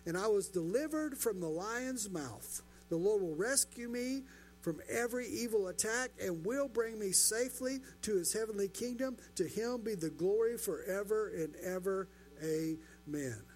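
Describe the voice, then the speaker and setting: A man's voice: high voice, animated, moderate pace, darkish tone, a little hiss or hum. A pastor preaching a sermon, building his points through rhetorical questions and repetition.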